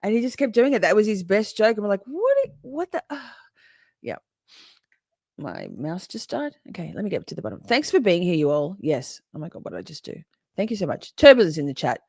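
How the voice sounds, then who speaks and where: A woman's voice: mid-range voice, sing-song, fairly quick, gravelly, darkish tone, breathy edge, no echo, clean studio sound. A woman hosting a casual live stream, reading viewers' comments aloud, swearing freely and laughing often. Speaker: livestream host reading chat.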